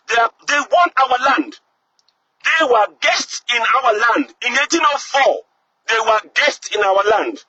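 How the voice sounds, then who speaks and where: A man making an impassioned, angry political appeal that rises to shouts. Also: extremely high pitch, slight background noise. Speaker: activist speaker. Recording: muffled lo-fi audio.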